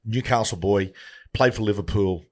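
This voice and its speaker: A middle-aged man with a lowish voice, swapping stories on a casual podcast. He talks in easy, laid-back banter. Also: normal speed. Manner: storytelling, relaxed banter. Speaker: podcast co-host, father.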